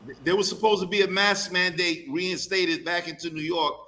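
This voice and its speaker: A man's voice: high-pitched, fairly even intonation, bright, forceful tone. A man panelist in a casual talk who speaks hesitantly, with restarts. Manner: hesitant, halting.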